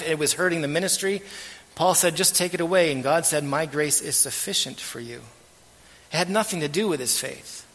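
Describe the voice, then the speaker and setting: A man preaching a sermon as pastor, earnest and measured, letting his phrase ends trail off softly. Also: on the high side. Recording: long hall reverb.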